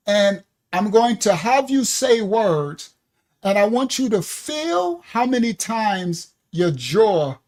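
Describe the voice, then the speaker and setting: A teacher at a ministry giving an interactive class, spelling out terms letter by letter and calling on the class, addressed as y'all, to join in. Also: medium pitch. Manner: coaxes the audience to join in.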